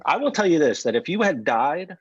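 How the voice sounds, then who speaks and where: A man co-hosting a casual podcast, teasing his friend in a deadpan way, with a slight lisp from a bitten tongue. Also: on the high side, brisk, slightly rough, no echo, lo-fi sound. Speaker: podcast co-host. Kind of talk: casual joking chat.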